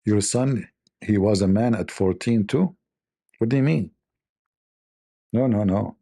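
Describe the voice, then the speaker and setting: Male stream host, low husky voice, playful ribbing of chat. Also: a little slow, dark tone. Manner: teasing, joking, mock-offended banter. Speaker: livestream host. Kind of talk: casual livestream chat with viewers.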